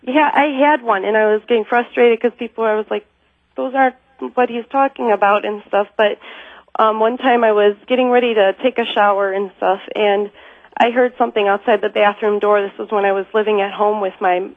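A woman's voice: medium pitch, fairly even intonation, brisk, no echo. A woman caller on a phone-in show, telling a personal story in a rambling way, full of fillers and nervous laughs. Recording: tinny phone line.

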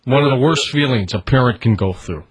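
Husky-voiced radio host taking calls. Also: male voice, medium pitch, lively intonation, fairly quick. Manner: reacts with short interjections and leading questions. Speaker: radio talk show host. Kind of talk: call-in radio talk.

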